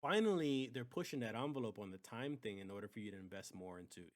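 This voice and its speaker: A man co-hosting a gaming podcast, talking in a relaxed, conversational way with occasional sarcasm. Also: on the low side, quick pace. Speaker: podcast co-host. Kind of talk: casual gaming podcast chat.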